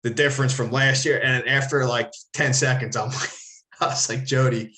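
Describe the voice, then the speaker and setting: A man's voice: mid-range voice, fairly even intonation, moderate pace, sharp tone. A man from the Philadelphia area, casually telling a long story as a podcast co-host, rambling, swearing and correcting himself as he goes. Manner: rambling, profane, self-correcting. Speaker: podcast co-host, former ballplayer.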